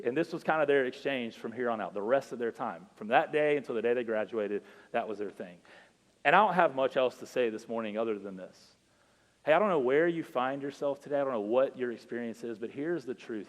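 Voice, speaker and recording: A man's voice: medium pitch, expressive, brisk. A male pastor preaches in an earnest, conversational style, telling a story before he prays. His voice sits in a middle register. The sound carries the long reverb of a church hall, with faint music underneath. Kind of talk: sermon. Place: church sanctuary.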